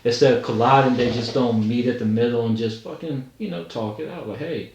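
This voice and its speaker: A man's voice: medium pitch, fairly quick, a little mellow, dull audio, slight background noise. Laid-back man in an echoey room. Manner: laid-back, swears casually. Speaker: podcast co-host. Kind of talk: casual chat.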